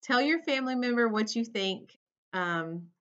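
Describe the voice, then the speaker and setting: A woman teacher reading a storybook aloud to children, expressive, pausing to ask them questions. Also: a little high. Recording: dull lo-fi recording.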